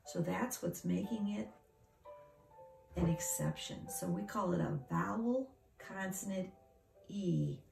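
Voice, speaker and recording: A woman's voice: on the low side, takes it slowly, creaky, darkish tone, soft background music. A woman teacher giving a phonics lesson to young children, speaking patiently, sounding out the parts of words and sometimes dropping to a whisper.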